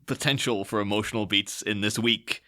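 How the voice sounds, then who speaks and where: A man's voice: fairly low pitch, steady tone, moderate pace, bright, forceful tone. A man co-hosting a podcast in casual chat, offhand and chatty, chuckling as he talks. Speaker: podcast co-host.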